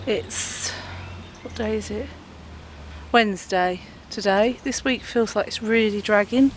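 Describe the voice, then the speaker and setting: Woman vlogger, casual and rambling, filmed on a phone outdoors with light background noise. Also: a little slow. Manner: chatty, rambling, talks to her dog in a high sing-song voice. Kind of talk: casual chat to camera. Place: outdoors walking a dog.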